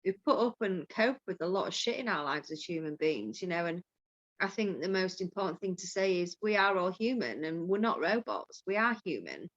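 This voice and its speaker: A woman's voice: fairly low pitch, lively intonation, normal speed. A woman, a mindfulness coach, talking frankly and casually, swearing now and then and laughing easily. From Yorkshire, England. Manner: open, frank, swears freely, laughs often. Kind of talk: candid conversational chat. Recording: dull lo-fi call audio.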